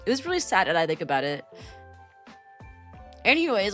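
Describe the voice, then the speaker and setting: A woman's voice: mid-range voice, very animated, slow, pauses often, soft background music. A woman streamer chatting casually with viewers, rambling and repeating words. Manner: rambling, repeats words, soft trailing phrases. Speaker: VTuber streamer and kindergarten teacher. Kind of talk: casual chat answering viewer questions.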